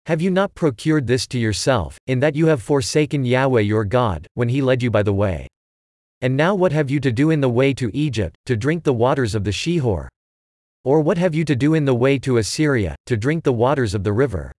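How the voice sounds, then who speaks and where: A man reading a Bible chapter aloud in a measured, even recitation. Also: mid-range voice, dry recording, clean studio sound. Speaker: scripture reader.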